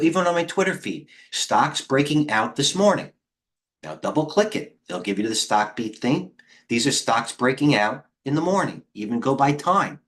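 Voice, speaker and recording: A middle-aged man hosting a live trading stream, talking in a rambling, excitable way and chatting with viewers. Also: medium pitch. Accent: New York. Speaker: trading coach hosting a livestream. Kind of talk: casual live market commentary.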